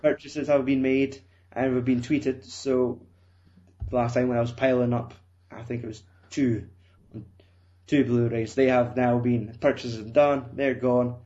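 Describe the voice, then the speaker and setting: A young Scottish man talks through a podcast in a loose, rambling way, swearing and laughing at himself. His voice sits at an ordinary middle pitch. The sound is dull and lo-fi. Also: flat delivery, unhurried, warm tone. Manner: rambling, self-mocking, swearing. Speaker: podcast co-host. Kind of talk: casual chat.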